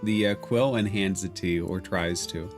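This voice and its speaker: A man narrating a tabletop game as game master in a relaxed, unhurried way, with faint music behind. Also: sits low.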